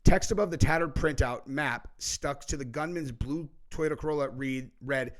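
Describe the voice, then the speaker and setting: A man's voice: on the high side, moderate pace. A man hosting a political commentary show, talking in a heated, rambling way with lots of swearing and "dude". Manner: heated, profane, says "dude" often; rambling, with many fillers and restarts.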